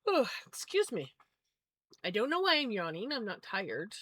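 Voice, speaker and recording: A woman's voice: mid-range voice, big pitch swings, normal speed, fairly bright tone, dry recording. Chatty woman livestreamer, dry sound. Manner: chatty, musing, self-correcting. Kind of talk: casual chat while spinning yarn.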